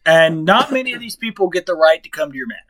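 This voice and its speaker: A man running a tabletop game, describing scenes casually with jokes mixed in. His voice is high for a man. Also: very animated, fast, fairly bright tone, poor audio. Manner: casual, joking. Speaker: game master.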